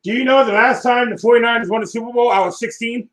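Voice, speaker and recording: High-voiced man with dry sarcasm. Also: fast, fairly bright tone, rough recording. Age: 30s. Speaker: co-host. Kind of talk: casual sports podcast banter. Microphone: remote call.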